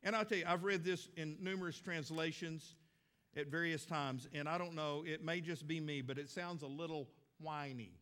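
A man's voice: fairly high pitch, normal speed, fairly bright tone. A middle-aged man preaching a sermon as a pastor, folksy and conversational with emphatic stresses.

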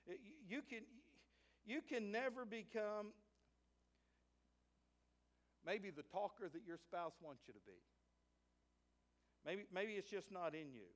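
A man's voice: high voice, fairly bright tone. A pastor with a Southern US accent preaching to his church, telling folksy stories and often repeating a word as he starts a sentence. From United States. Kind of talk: sermon. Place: church sanctuary.

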